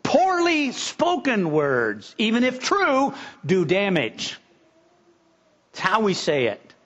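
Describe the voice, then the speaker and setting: A man's voice: sits high, wildly swooping pitch, slow, a bit bright. A middle-aged male pastor preaching a sermon in an earnest way, often restarting and building to emphatic peaks. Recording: slightly dull lo-fi recording.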